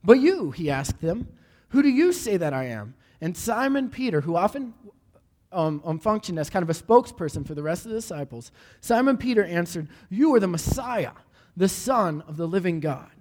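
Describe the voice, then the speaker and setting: A man preaching a sermon, animated and asking the room repeated questions, often stumbling over restarts. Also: sits high, moderate pace. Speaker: pastor. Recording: hall reverb.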